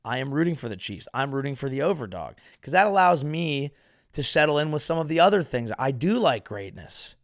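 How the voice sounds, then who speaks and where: A man from California delivering a rambling, sarcastic comedic monologue as host, veering from mumbled asides to loud outbursts. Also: medium pitch, sing-song, fairly quick, no echo, studio quality.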